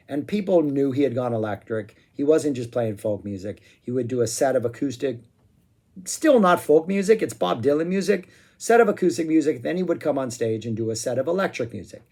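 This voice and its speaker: A man giving a casual spoken music review, excitable and rambling, with frequent "um"s and asides. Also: medium pitch, normal speed.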